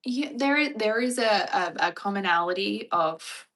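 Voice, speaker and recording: Woman, Australian accent, young adult, casual livestream chat, wry, crisp bright tone, gravelly fry. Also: medium pitch, animated, moderate pace. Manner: chatty, wry, mock-dramatic impressions.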